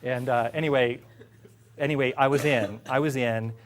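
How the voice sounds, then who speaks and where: A middle-aged man, an executive, telling a casual story about his career. He is lively, laughs often and acts out what others said. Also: medium pitch, normal speed. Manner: animated, laughing, acts out quotes. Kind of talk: casual anecdote.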